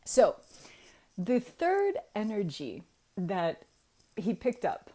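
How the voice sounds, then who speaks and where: Lively laughing woman in her forties. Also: mid-range voice, slow, a little hiss or hum. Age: 40s. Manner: animated, laughs often, swings from hushed to loud. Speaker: vlogger. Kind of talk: casual storytelling to camera.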